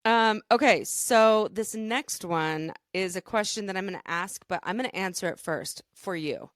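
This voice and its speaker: A woman's voice: medium pitch, normal speed, no room sound, studio quality. A woman co-hosting a podcast, talking in an earnest, rambling way with many fillers and restarts. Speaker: podcast co-host. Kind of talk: casual chat.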